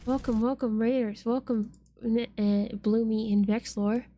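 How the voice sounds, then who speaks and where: A woman's voice: on the high side, fairly even intonation, measured pace, mellow. A woman streamer chatting playfully with her viewers while she draws, swearing casually.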